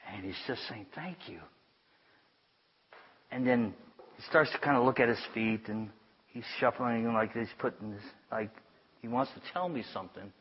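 A man's voice: mid-range voice, moderate pace. Man preaching a chatty sermon story. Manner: chatty, self-amused, drops to a hush for tender lines. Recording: dull lo-fi sound.

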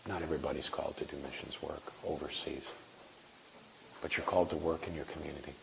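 A man's voice: extremely low pitch, steady tone, fast talker, gravelly. A man in his forties preaching a sermon in an earnest, conversational way with wry asides. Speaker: preacher and missionary. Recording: echoey hall, dull lo-fi sound, faint hiss.

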